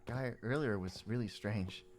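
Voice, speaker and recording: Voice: mid-range voice, normal speed, background noise. A streamer giving casual live commentary on a horror game, swearing often and talking to themself as they play.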